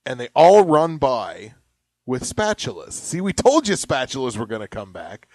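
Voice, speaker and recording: A young man co-hosting a comedy podcast, joking around and reading ads aloud with mock yelling. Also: mid-range voice, wildly swooping pitch, moderate pace, no echo. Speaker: podcast co-host. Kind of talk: casual comedic chat.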